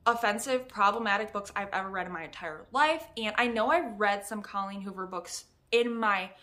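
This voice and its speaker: Bright-voiced young woman ranting about a book. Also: mid-range voice. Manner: animated and exasperated, laughs often. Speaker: book reviewer. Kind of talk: casual book review vlog.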